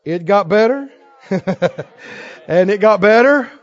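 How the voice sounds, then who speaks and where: High-voiced preaching man, dull dry sound. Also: expressive, slow pace, dry recording. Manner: emotional storytelling, rising to forceful exhortation. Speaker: pastor. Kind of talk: sermon.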